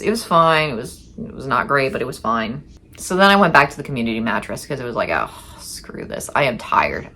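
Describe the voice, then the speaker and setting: A woman's voice: a bass voice, a bit bright. A woman telling a candid first-person story in a chatty way, acting out what she said back then and cursing now and then. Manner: chatty and candid, swearing, reenacting her own past lines. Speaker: storyteller recounting her past.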